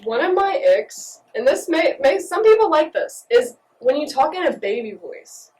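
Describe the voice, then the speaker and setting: A woman's voice: sits high, very animated, darkish tone, far from the mic, rough recording. A teenage woman co-hosting a casual chat, blunt and opinionated. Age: late teens. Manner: blunt, opinionated, quick to laugh. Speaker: co-host.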